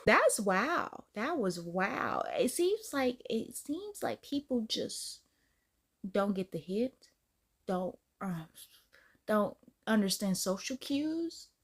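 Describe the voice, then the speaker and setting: Lively woman host, playful slang and easy laughter, voice swoops up and down. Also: mid-range voice, slow pace, slightly rough. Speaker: host reacting to clips. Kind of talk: casual reaction commentary.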